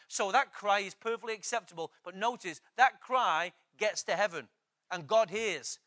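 A man's voice: sits high, normal speed, sharp tone. A man preaching a sermon, emphatic, repeating key phrases and asking the congregation questions.

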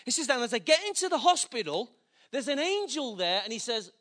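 Male preacher, sermon storytelling, lively swooping pitch, bright tone. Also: a little fast. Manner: animated, acts out dialogue, gets emotional.

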